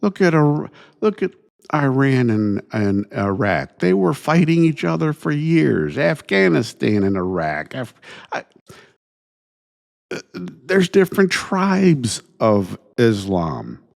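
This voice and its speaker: A man hosting his own show, ranting indignantly in a halting way, restarting phrases and sighing between thoughts. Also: medium pitch, big pitch swings, gravelly. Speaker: podcast host. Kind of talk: solo opinion rant.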